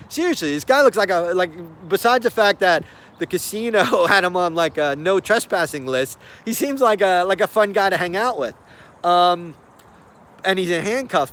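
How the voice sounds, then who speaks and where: Animated high-voiced man hosting a stream. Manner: animated, laughing, sarcastic, many fillers. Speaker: host. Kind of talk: casual live-stream commentary.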